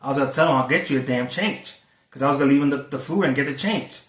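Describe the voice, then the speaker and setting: This Florida food delivery driver tells a rambling, curse-heavy story for a casual vlog, talking fast in a mid-range, slightly bright voice. The recording is echoey and he's far from the mic.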